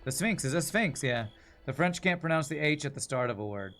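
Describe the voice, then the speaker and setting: A man giving casual gameplay commentary on a stream, musing and rambling as he plays. His pitch sits in the middle range. Faint music plays under his voice. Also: lively intonation, a little fast, a bit bright.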